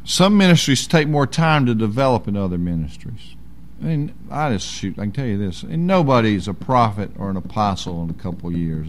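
A man's voice: fairly low pitch, sing-song, brisk, slight background noise. A man preaching a sermon in a folksy, emphatic way.

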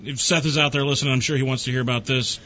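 A man's voice: mid-range voice, very fast, slight background noise. A man hosting a casual talk show, joking and teasing his guests in playful banter, from the Dallas-Fort Worth area of Texas. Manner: teasing, joking, lively delivery. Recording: dull lo-fi recording.

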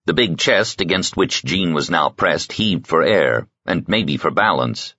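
A man with a low, husky voice reads an audiobook in a steady, measured way. His tone is bright, and the recording is dry and somewhat dull. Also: no room sound. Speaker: audiobook narrator. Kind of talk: scripted narration.

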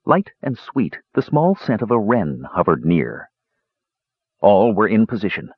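A man reading a fantasy novel aloud in measured storytelling narration. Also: slightly rough, no room sound, lo-fi sound. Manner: measured storytelling, lively pitch. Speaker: audiobook narrator.

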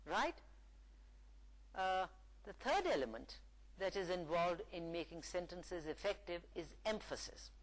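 A woman lecturer giving a recorded English lesson, reading example sentences aloud in a slow, deliberate way. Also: fairly low pitch, lively intonation, low-quality recording. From Pakistan.

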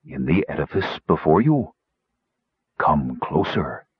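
Ancient male spirit, soothing bass, measured pride, voiced by a man reading a storybook; dry, dull sound. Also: sing-song, slightly rough, no room sound, full character voice. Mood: soothing, proud. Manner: slow, proud and measured. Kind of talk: audiobook character voice. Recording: slightly muffled recording.

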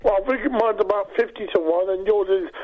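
A man's voice: high voice, brisk, dull audio. A man with a Birmingham accent, co-hosting a radio show in an earnest, plain-spoken way. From Birmingham, England. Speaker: radio co-host. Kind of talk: casual radio chat.

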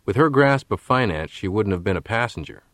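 A shrewd male bank executive speaks in a low, measured voice, careful with every word, as the narrator reads him. He sounds guarded and controlled. The reading is dry and close. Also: animated, fairly bright tone, no echo.

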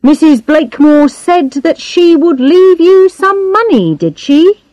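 A woman voicing a calm, deliberate male police inspector who questions suspects in an audiobook reading. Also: very high-pitched, no echo, pitched above the performer's own voice, poor audio.

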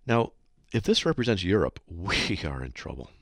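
A man hosts a Christian call-in radio show with a deep, low voice. His pitch rises and falls a lot as he recounts things earnestly and exhorts his listeners. The sound is close and dry. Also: big pitch swings, normal speed, no echo.

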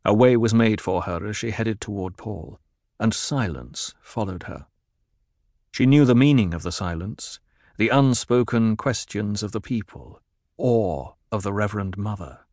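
A man's voice: lowish voice, measured pace, a little mellow, no room sound. Man narrating a novel in a dry, close sound. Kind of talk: scripted audiobook narration.

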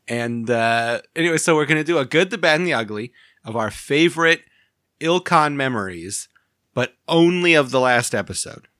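A man co-hosting a podcast drifts from one story to the next and laughs at his own jokes as he goes. His voice sits at a middling pitch for a man. The sound is dry and close, with no room echo. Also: animated, moderate pace, pauses often, a bit bright. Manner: laughs often, rambling and self-amused. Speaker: podcast co-host. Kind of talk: casual podcast chat.

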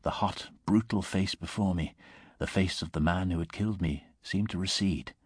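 A man reading a short story aloud in a measured, steady narrating voice. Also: deep voice, husky, dry recording, clean studio sound. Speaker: reader.

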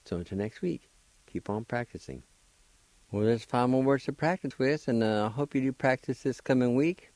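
A man's voice: medium pitch, moderate pace, darkish tone, dry recording, poor audio. A middle-aged man, patiently spelling and sounding out words in a radio language lesson. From Oklahoma, US. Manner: encouraging. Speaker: language teacher and radio host.

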